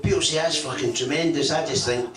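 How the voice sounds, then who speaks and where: A man's voice: fairly high pitch, fairly even intonation, fairly quick, distant mic, heavy background noise. A middle-aged man, a former footballer, tells profane, self-mocking stories on stage at a live event in a function room. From Scotland. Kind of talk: live anecdote storytelling on stage. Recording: echoey room, voice picked up from afar.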